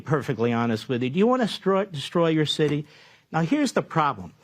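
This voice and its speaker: An indignant male political commentator argues in a combative way. His voice sits high for a man and swings widely in pitch as he presses each point. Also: very animated, fairly quick. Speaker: political commentator in a played clip.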